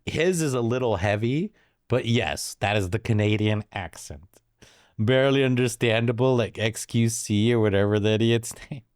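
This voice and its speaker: A man's voice: medium pitch, normal speed, darkish tone, dry recording, clean studio sound. A man streaming live, reacting to videos with blunt, mocking asides.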